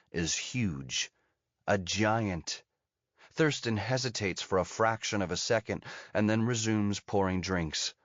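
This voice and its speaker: A man narrating an audiobook thriller in a steady, measured storytelling manner. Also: lowish voice, no room sound. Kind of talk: scripted narration. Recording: dull lo-fi dry audio.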